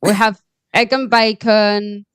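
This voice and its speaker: A woman hosting a podcast, asking calm questions. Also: mid-range voice, slow, smooth. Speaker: podcast host. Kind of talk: interview questions.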